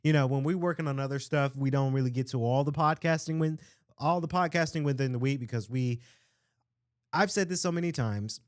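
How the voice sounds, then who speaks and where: A man hosting his own podcast, talking loosely and with hype-man energy, his throat a little strained from shouting. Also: medium pitch, brisk. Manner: rambling, loose and conversational. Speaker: podcast host. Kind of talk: casual solo podcast talk.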